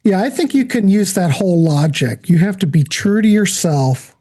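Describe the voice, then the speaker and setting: A woman's voice: fairly low pitch, animated, normal speed, dark tone. A woman co-hosting a casual music interview, supportive and sometimes searching for words. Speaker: co-host, interviewer.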